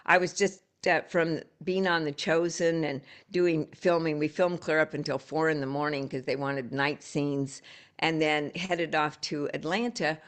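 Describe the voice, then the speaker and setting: A woman hosting a live coaching call over a video call, telling stories and encouraging her listeners in a conversational way with frequent restarts. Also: low-pitched.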